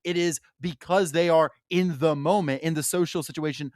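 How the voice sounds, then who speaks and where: A man's voice: on the high side, animated, a little fast, hardly any pauses, no room sound, clean studio sound. A young man co-hosting a podcast, discussing a novel in a loose, profane way with many fillers. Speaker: podcast co-host. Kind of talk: casual book discussion.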